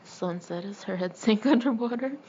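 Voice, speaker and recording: A woman narrating a first-person memoir as an audiobook, with wry, deadpan humor. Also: a little high, normal speed, dull audio, slight background noise.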